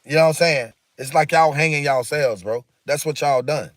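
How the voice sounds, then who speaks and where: A man's voice: on the high side, moderate pace, dry recording, clean studio sound. A man hosting a casual livestream, talking emphatically and repetitively in a preachy way while answering viewer comments. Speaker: livestream host.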